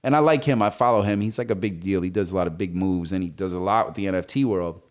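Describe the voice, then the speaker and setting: A man's voice: deep voice, quick pace. A man being interviewed on a casual podcast as a visual artist, talking loosely and rambling through his thoughts. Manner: rambling, loose, with frequent fillers and restarts.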